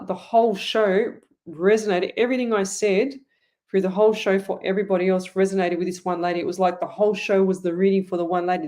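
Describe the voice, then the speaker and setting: A woman's voice: medium pitch, a little mellow. A middle-aged Australian woman hosting a live online psychic show, talking to viewers in a chatty, rambling way with many restarts. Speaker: psychic medium host. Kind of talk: live online reading, answering viewer comments.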